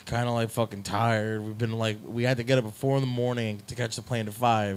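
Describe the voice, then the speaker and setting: A man's voice: medium pitch, clean tone. Profane rambling young man telling a story. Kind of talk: casual podcast storytelling.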